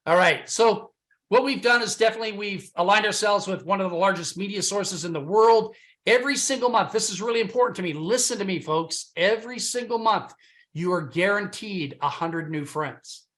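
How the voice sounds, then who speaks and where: A man giving a loud, boastful sales pitch on a conference call, punchy and swinging between shouted emphasis and low asides, his voice a bit worn from talking loud. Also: normal speed. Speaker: business opportunity presenter on a conference call.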